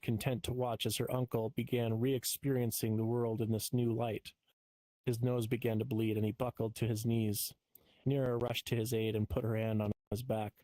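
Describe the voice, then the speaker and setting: A man narrates an improvised story at an even, measured pace, with a filler now and then. His mid-pitched voice is recorded close and dry. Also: dry recording. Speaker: improv performer.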